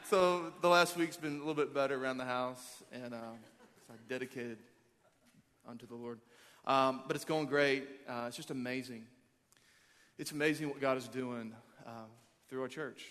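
Energetic pastor in an echoing hall. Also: male voice, mid-range voice, normal speed. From Arkansas. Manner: energetic, joking, rallying the crowd. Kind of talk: sermon. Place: large church auditorium. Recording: long hall reverb.

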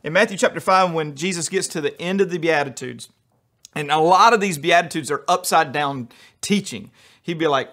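Pastor, man, upbeat storyteller, slightly high voice. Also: bright, forceful tone. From United States. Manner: humorous, quick storytelling with acted-out quotes. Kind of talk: sermon.

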